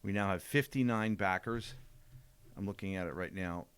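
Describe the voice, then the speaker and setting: A man's voice: low voice, normal speed, fairly bright tone, clear, resonant tone, no echo. An older man co-hosting a podcast, chatting casually and easygoing, often trailing off mid-sentence. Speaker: podcast co-host, jiu-jitsu black belt.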